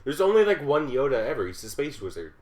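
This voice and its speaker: A man's voice: medium pitch, sing-song, quick pace, a crowd in the background. Sarcastic man in an echoey room. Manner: sarcastic, profane, mocking. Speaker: podcast co-host. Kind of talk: casual banter. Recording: echoey room, distant mic.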